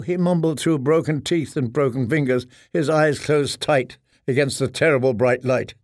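Reading a dark story aloud from a script, this audiobook narrator keeps a steady, measured pace in a medium-pitched voice. The sound is clean studio audio with no room sound.

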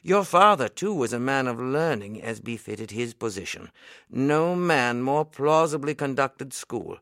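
A man reading the part of an earnest, kindly elderly minister in an audiobook, speaking in a solemn, measured, old-fashioned way. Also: medium pitch, big pitch swings, vocal fry, a bit bright, no echo, clean studio sound, full character voice.

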